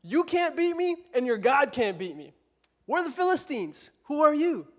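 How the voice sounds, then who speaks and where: A man voicing a giant male warrior who yells mocking taunts. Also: extremely high pitch, sing-song, moderate pace, long reverb tail, pitched above the performer's own voice. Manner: yelling taunts.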